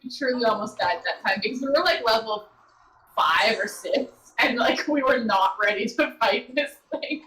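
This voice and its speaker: Woman player telling a story from the game, playful, a bit high voice. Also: moderate pace, pushed and bright, rough recording. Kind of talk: casual chat in a tabletop game.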